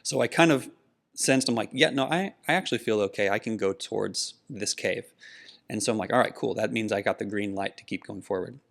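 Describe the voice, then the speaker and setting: Low, gravelly man telling a story. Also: fairly quick, fairly bright tone. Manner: earnest personal storytelling. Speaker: podcast co-host. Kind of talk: casual conversation.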